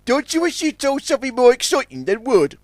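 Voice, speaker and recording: A man puts on a gleeful, reckless boat who boasts in a high, bouncy voice. He sounds cheerful and eager, and the reading is dry and close-miked. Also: very animated, brisk, dry recording.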